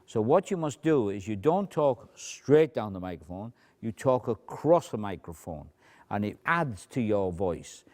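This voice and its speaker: A man's voice: fairly low pitch, sing-song, unhurried, darkish tone. A man, a magician talking through a routine in a chatty, explanatory way, with asides. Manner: chatty, explanatory, shifts into asides and acted quotes. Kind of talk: demonstration tutorial.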